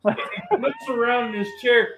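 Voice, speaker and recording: High, bright-voiced middle-aged man telling a story. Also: moderate pace, roomy sound, a little hiss or hum. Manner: animated, laughing while telling a funny story. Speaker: guest. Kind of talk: casual storytelling chat.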